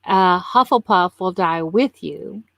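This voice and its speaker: A woman in her fifties, a podcast guest in casual chat, telling stories in an animated way and laughing often. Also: on the low side, takes it slowly, no echo. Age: 50s.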